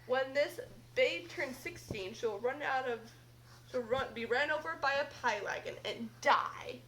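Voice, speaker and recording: Girl voicing a wicked fairy, storybook read-aloud, sneering tone, shouted threats, high bright voice. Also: a little slow, slight background noise. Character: sneering late-arriving female fairy, a spiteful curse-giver.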